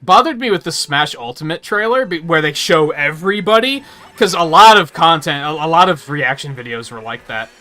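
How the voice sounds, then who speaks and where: A man ranting and swearing on a live gaming stream, mocking people in loud bursts. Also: a little high, lively intonation, fairly quick. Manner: ranting, profane, mocks others in loud bursts.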